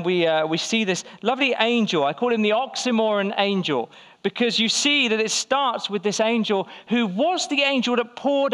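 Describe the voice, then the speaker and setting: A man's voice: very high voice, a bit bright. A man pastor preaching a conversational sermon to his church, firing rhetorical questions and acting out quoted voices. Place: church hall.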